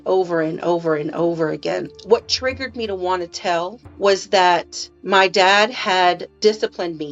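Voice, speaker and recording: A woman speaking as an interview guest, telling her personal story in a halting way with restarts and repeated words. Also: fairly low pitch, dull audio.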